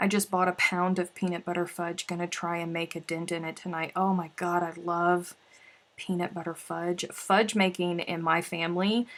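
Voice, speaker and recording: A woman hosting a casual craft livestream, chatting and reading out viewer comments with sighs and laughs. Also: lowish voice. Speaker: livestream host. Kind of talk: casual chat while crafting.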